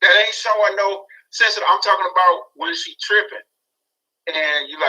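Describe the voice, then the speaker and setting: A man in his forties chatting on a talk show, telling stories in an animated way and acting out his own reactions. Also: sits high, normal speed, rough recording. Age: 40s. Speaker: guest speaker. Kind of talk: casual talk show chat.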